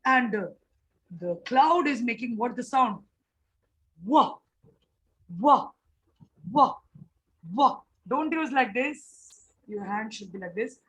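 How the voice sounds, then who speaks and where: Slow-speaking woman teacher. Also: a little high, expressive, fairly bright tone, husky, poor audio. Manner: slow, repetitive explaining with drawn-out sounds. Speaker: phonics teacher. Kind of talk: online phonics class for teachers.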